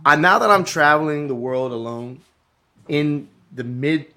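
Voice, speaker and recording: A man's voice: on the high side, a little slow, sharp tone. A man in casual podcast chat, telling travel stories in a rambling way with frequent swearing. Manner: rambling, swears, restarts often. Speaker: guest.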